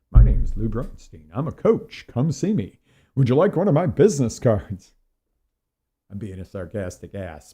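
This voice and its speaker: Gravelly man, middle-aged, motivational coach, jokey, animated, lively pitch. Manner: animated, jokey, acts out quick voices. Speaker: small business and health coach. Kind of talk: live motivational talk.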